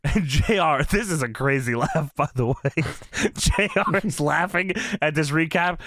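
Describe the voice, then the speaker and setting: A man's voice: on the high side, a little slow, slight background noise. A man co-hosting a wrestling podcast, recapping an old episode in a casual, joking way and acting out the quotes. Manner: animated, laughing, acting out quotes.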